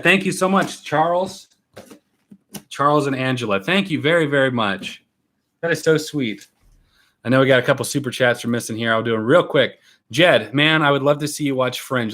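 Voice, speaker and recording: A young man hosting a casual livestream from home, opening fan mail and warmly thanking viewers one by one. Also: medium pitch, normal speed. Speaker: YouTube reaction channel host.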